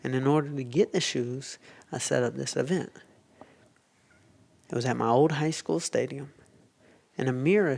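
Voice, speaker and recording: A man, a podcast guest telling a story with animated quotes and whispered asides. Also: medium pitch, vocal fry.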